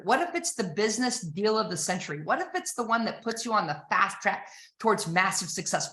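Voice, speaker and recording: Emphatic woman giving a bright sales training. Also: medium pitch. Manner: emphatic, persuasive, rhetorical questions. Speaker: sales trainer and company founder. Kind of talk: energetic sales training talk. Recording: roomy echo.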